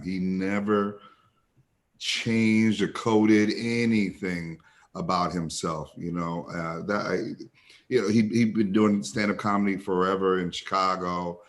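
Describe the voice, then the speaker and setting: A man's voice: sits low, steady tone, measured pace. A man panelist talking reflectively in a casual discussion, leaning on "you know" as he thinks aloud.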